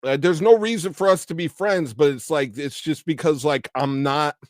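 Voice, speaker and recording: A man hosting a podcast and chatting casually in an animated, reflective way. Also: on the high side, moderate pace, dry recording. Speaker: podcast host. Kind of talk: casual chat.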